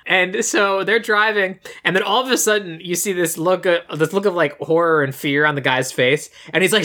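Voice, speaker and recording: Bright-voiced podcast co-host acting out scenes. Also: mid-range voice, brisk, hardly any pauses. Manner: animated retelling, acting out characters' lines. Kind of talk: casual movie recap chat.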